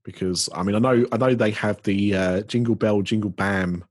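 A man's voice: fairly low pitch, fairly even intonation, moderate pace, no echo. A British man hosting a casual podcast chat, rambling easily with many ums and restarts. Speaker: podcast host.

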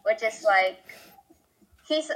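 Teen girl, slow chatty talker, bit high voice, on a video call. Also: expressive, a bit bright, low-quality recording. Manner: chatty, lots of likes. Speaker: student presenting a book. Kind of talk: casual video-call chat.

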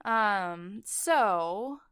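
A woman co-hosting a casual podcast, animated and fond of acting out lines while describing a film scene. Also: medium pitch, extremely slow, clean tone, no room sound, studio quality. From not from Los Angeles. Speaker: podcast co-host.

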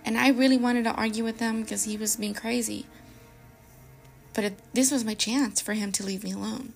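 A young woman hosting a podcast, reading scary stories aloud dramatically and dropping to a hush at tense moments. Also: fairly high pitch, fairly even intonation, moderate pace, gravelly, soft background music. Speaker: podcast host.

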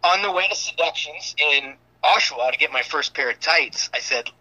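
Guy in his 30s rambling through stories on a podcast, really bright sharp voice, swears casually. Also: fairly high pitch, lively intonation, normal speed, low-quality recording. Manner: loose storytelling with casual swearing. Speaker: wrestler guest.

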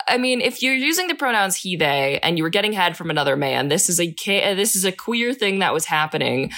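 A woman's voice: medium pitch, fairly bright tone. A woman co-hosting a podcast in casual chat, teasing and joking in banter. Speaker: podcast co-host.

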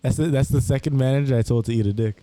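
A man's voice: medium pitch, very fast, mellow, no echo. A young man telling rambling work stories in casual chat with friends, full of slang and laughter. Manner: laid-back, rambling, New York slang. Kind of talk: casual storytelling among friends.

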